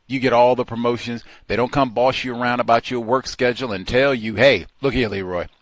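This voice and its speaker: A man hosting a call-in radio show, talking in a slow, deliberate and emphatic way. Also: mid-range voice, flat delivery, dry recording.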